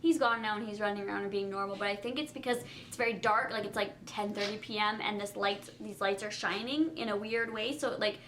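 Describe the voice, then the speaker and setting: A woman's voice: mid-range voice, fairly even intonation, fairly quick, hardly any pauses, fairly bright tone, a little hiss or hum. A young woman vlogging at home at night, talking casually to the camera with lots of fillers.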